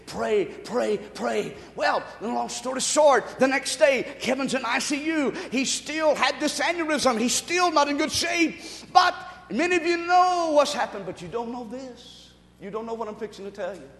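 A man preaching a sermon as pastor, excitable and breaking into loud shouted bursts. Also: very high-pitched, normal speed, vocal fry, hardly any pauses, reverberant, in a large hall. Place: church.

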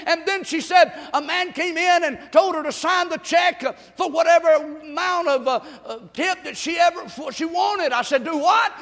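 A man preaching as a pastor, swinging from shouted exhortation to soft, hushed storytelling. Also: extremely high pitch, moderate pace, few pauses. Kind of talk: sermon. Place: church sanctuary. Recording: long reverb of a large hall.

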